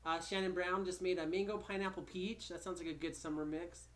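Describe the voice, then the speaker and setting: Brief: laid-back host, middle pitch, greets chatters one by one. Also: steady tone, a little fast, fairly bright tone. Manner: easygoing, greeting viewers by name. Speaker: podcast host reading the live chat. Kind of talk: casual chat.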